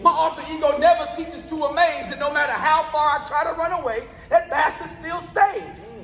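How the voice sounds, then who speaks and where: A man's voice: very high voice, normal speed, fairly bright tone. A man performing spoken word poetry live on stage, with a rhythmic, rhyming delivery. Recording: roomy live venue with long reverb.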